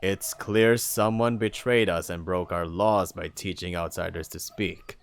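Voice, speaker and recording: A reader voicing a stern, wary female wolf from a wolf tribe, speaking low and measured, in an audiobook reading of a furry fantasy story. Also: steady tone. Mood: grave.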